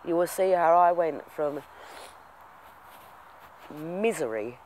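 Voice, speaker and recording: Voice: mid-range voice, expressive, slow pace, a little mellow, a little hiss or hum. A vlogger telling a story to camera in a heartfelt, rambling way. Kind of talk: casual storytelling vlog.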